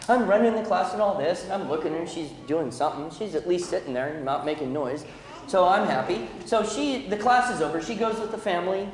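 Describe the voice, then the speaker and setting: A man giving a talk to an audience, animated and conversational, with frequent rhetorical questions. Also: high voice, a little fast. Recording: echoey hall, room reverb.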